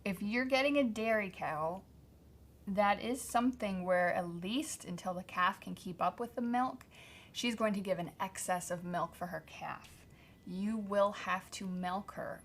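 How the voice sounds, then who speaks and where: A woman's voice: medium pitch, measured pace. A woman with a Pennsylvania accent co-hosting a homestead podcast, matter-of-fact with dry quips. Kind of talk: casual chat.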